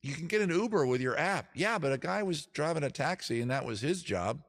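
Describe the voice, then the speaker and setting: A man's voice: fairly high pitch, animated, fairly quick. A man hosting a music livestream from home, chatting in a rambling, jokey, self-deprecating way. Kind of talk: casual livestream chat.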